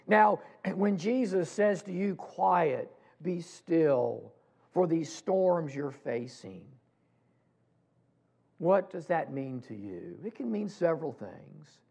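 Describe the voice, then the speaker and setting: Slow, gravelly-voiced male pastor preaching. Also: a little high, very animated, darkish tone. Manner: slow, deliberate preaching with pauses and restarts. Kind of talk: sermon.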